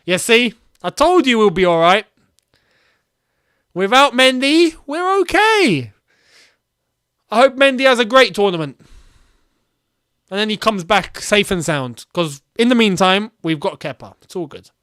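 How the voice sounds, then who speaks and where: Young man, excitable football watchalong host, high voice, dry close sound. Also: moderate pace, smooth, dry recording. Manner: excitable, laughing, reading viewer comments aloud. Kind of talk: live match commentary and chat.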